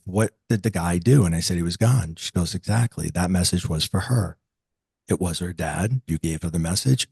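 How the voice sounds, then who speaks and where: A man in his late forties, an interview guest, telling a personal story in a lively conversational way and acting out the voices of the people in it. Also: sits low, gravelly, breathy edge, no echo. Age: 40s. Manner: animated, acts out quoted dialogue.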